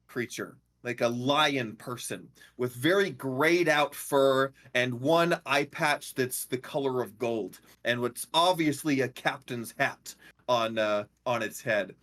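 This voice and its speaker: A man narrating a tabletop game as game master, halting with many fillers. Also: mid-range voice, fairly bright tone.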